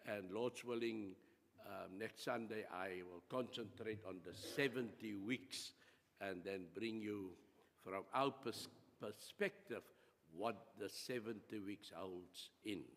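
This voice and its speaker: A man with a South African accent preaching a church sermon and leading prayer, halting with many fillers. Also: fairly low pitch, vocal fry, a little hiss or hum. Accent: South African English. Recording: long reverb of a church hall.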